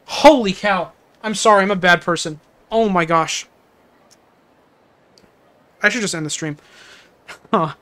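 A man's voice: sits high, measured pace, long pauses, a bit bright. A man streaming a game, joking with chat and reading dialogue aloud in a playful, self-mocking way.

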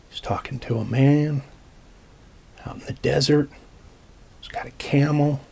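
A man reading a picture book aloud to children, gently explaining the pictures as he goes. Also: a little high, fairly even intonation, measured pace, vocal fry, long pauses, slightly rough. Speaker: storytime reader.

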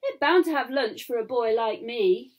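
A woman voicing an eager, excited little boy in a picture-book reading. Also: a little high, moderate pace. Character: cheeky little boy hungry for adventure.

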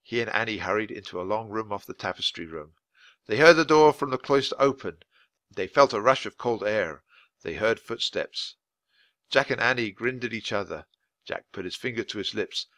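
A man reading a children's book aloud at a clear, natural pace for language learners. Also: on the low side, lively intonation, a bit bright, no room sound. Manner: clear, deliberate storytelling for learners. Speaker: audiobook reader.

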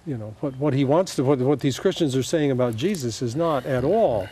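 A man on a Bible study panel asking thoughtful questions, with halting restarts. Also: mid-range voice, animated, warm tone, slight background noise.

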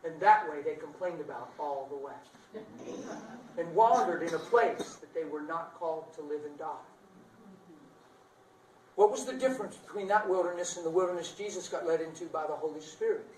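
A man's voice: on the high side, normal speed, a little hiss or hum. Dramatic preacher man in a roomy hall. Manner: dramatic, swinging from loud bursts to hushed lines; playful, laughs at himself. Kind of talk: sermon. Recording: roomy sound picked up from a distance.

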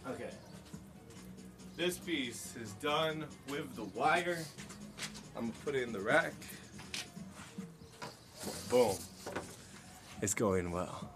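Slow-talking, lively-pitched man streaming. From United States. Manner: chatty, jokey, laughs often, chats with viewers. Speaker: livestreamer making stone-look art. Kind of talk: casual livestream chat while crafting. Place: private outdoor workspace.

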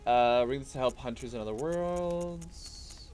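A man's voice: mid-range voice, a little slow, a little mellow. A man giving live, chatty commentary as he streams a video game, talking to his viewers. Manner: chatty, talks to viewers while playing, jumps between hype and mumbling. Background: game music.

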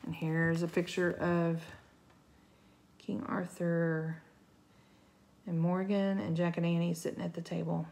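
A woman reading a children's chapter book aloud, slowly and clearly. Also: on the low side, level tone, darkish tone, a little hiss or hum. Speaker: storybook reader. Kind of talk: slow read-aloud narration.

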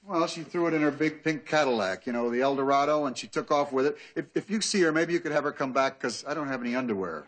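A man's voice: medium pitch, quick pace, hardly any pauses, a bit bright, lightly acted. A man playing an exasperated small-town coach. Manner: dry, patiently exasperated. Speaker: football coach and father. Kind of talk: sitcom acting. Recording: noisy old TV audio.

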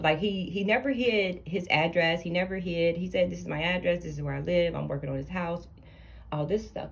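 A woman with a lowish voice and tells a story to camera. She is blunt and sassy, and she lectures the people in the story as if they were in front of her. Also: vocal fry. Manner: animated, blunt, sassy, addresses people directly. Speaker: storytime vlogger. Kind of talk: casual storytime commentary.

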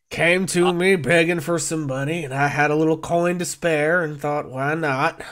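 A man's voice: on the high side, steady tone, a little slow, noisy background, natural voice. A man voicing a folksy male tavern patron who talks in a wry, rambling way.

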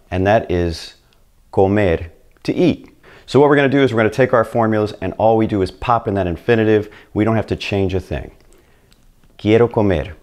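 A man's voice: lowish voice, darkish tone. A man whose first language is English, teaching beginners in an upbeat video lesson and speaking straight to the learner. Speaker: Spanish teacher.

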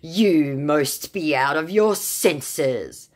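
A man's voice: fairly high pitch, lively intonation, extremely slow, voice pushed up, full character voice. Woman putting on a touchy young scammer guy. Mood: angry, insulting. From Nigeria. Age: 20s. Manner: broken English, indignant and boastful. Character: young male romance scammer, touchy and defensive.

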